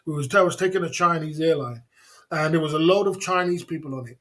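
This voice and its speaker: A man hosting a casual livestream, telling stories in a chatty way, laughing often and giving shout-outs to viewers. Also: on the high side, quick pace. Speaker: livestream host.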